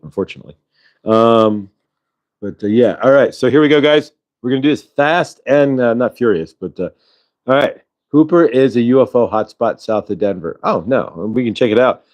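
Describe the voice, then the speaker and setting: A man's voice: lowish voice, darkish tone, highs cut off. A man hosting a live-stream show, chatting casually with viewers in a rambling way, full of fillers and restarts. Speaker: host of a live spiritual channeling show. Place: at home in Colorado.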